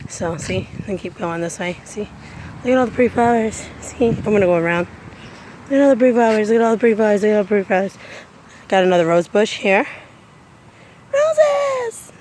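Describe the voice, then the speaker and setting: A woman cosplayer giving a casual walking tour of her backyard garden. She talks chattily, repeats her phrases, and breaks into high squeals of delight. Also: fast talker, darkish tone, slight background noise. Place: outdoors in a home backyard garden.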